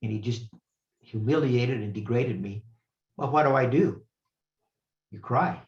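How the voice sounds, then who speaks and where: Older man giving an earnest, reflective talk. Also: medium pitch. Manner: earnest, reflective, with pauses and restarts. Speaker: retired professor, guest speaker. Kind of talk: personal storytelling lecture. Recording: roomy, slightly muffled recording.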